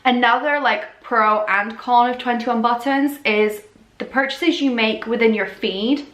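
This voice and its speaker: Chatty woman, slightly hoarse. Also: a little high, fairly even intonation, measured pace, fairly bright tone. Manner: chatty, frequent ums and self-corrections. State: slightly losing her voice. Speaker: fashion influencer. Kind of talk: casual explainer vlog. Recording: echoey room.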